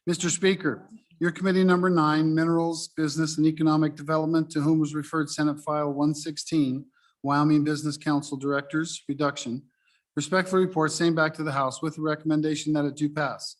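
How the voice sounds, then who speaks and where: Man, somewhat high voice, reading clerk, steady formal listing. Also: brisk. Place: legislative chamber.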